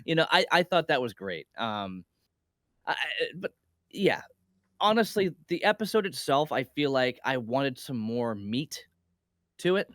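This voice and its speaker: A man's voice: mid-range voice, very animated, a little slow, fairly bright tone, dry recording, studio quality. A man co-hosting a casual review podcast who rambles, laughs often and acts out scenes in quotes. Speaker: podcast co-host.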